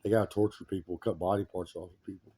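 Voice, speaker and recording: A man's voice: sits low, steady tone, quick pace, mellow, slightly rough. A man in a rambling, agitated monologue who repeats his complaints emphatically.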